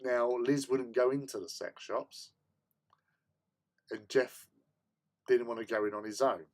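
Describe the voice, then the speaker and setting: A man's mid-range voice moves a little slowly as he hosts a casual hobby stream in his home hobby room. Telling a story, he's animated, laughs frequently, and stammers through repeated words.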